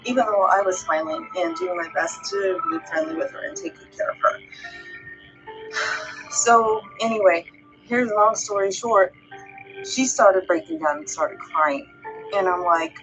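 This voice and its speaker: A woman's voice: fairly low pitch, moderate pace, music in the background, poor audio. A woman vlogger talking to her viewers in a casual, heartfelt way, rambling and earnest as she encourages them.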